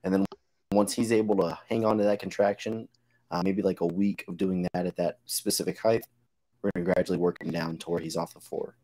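Deep-voiced blunt male coach. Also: steady tone, a little fast, dark tone, poor audio. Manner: laid-back, blunt, swears freely. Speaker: strength coach co-host. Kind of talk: casual podcast chat.

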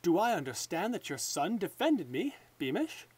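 A man voicing a pampered, naive king who speaks in excitable exclamations. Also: sits high, normal speed, breathy edge, exaggerated voice. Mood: indignant.

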